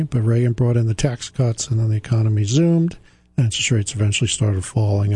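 A man in his sixties hosts a radio finance show in a monologue, speaking emphatically, repeating his key points, and joking about himself. His mid-range voice is mellow and husky, with no echo.

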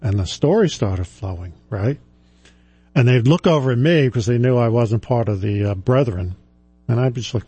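Husky man telling a rambling story. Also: medium pitch, normal speed, warm tone, no echo. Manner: rambling, self-deprecating, chuckles often. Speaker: radio show host and retirement planner. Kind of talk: casual anecdotal storytelling.

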